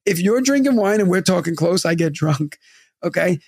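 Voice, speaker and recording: A young man chats into a close studio mic, his voice high and rough with a gravelly edge. He tells stories in an animated way, swears freely and acts out the people in them. The sound is dry, with no room around it. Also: moderate pace, no echo. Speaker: podcast co-host. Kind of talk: casual storytelling chat.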